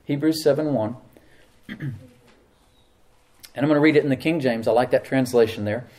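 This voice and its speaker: A man's voice: mid-range voice, normal speed, a little mellow. A middle-aged man preaching a sermon as pastor, talking conversationally and often asking the congregation questions.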